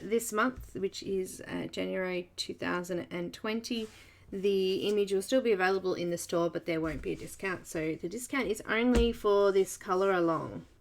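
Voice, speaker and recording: A woman hosting a live coloring stream, slightly croaky, chatty and greeting viewers by name with frequent laughs. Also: medium pitch. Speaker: art channel host.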